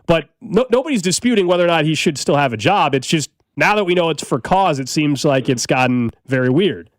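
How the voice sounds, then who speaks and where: Fast-talking male sports radio host. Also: on the high side, lively intonation, no room sound. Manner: quick, rambling, restarts often. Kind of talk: casual sports radio talk. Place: radio studio.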